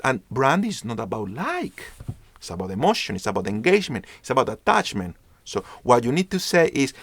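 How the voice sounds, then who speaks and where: A man teaches an online branding class in a fairly high, gravelly, slightly bright voice with a sing-song lilt. He speaks emphatically at a moderate pace, repeating his main points and acting out short dialogues, and the recording has no echo.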